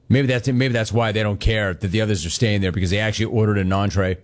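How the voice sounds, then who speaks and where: A man hosting a sports talk radio show, telling stories in quick, animated bursts and acting out quotes. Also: on the low side. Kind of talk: casual talk radio monologue.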